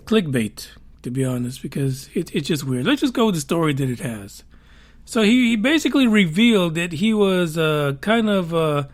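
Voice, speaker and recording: A man hosting a solo podcast, talking casually with wry asides and lots of fillers. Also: fairly high pitch. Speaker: podcast host.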